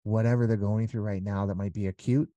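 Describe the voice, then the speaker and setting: A man's voice: lowish voice, fairly even intonation, fairly quick, warm tone, dry recording, lo-fi sound. A middle-aged man speaking candidly as an interview guest, earnest and rambling, sometimes acting out everyday exchanges. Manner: earnest, rambling, acts out little scenes. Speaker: podcast guest. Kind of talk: candid conversational storytelling.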